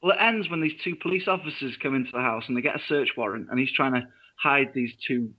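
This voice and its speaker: A young man co-hosting a show, casually retelling a film plot in a halting, rambling way with restarts. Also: medium pitch, lo-fi sound. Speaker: co-host. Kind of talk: casual chat recapping a film.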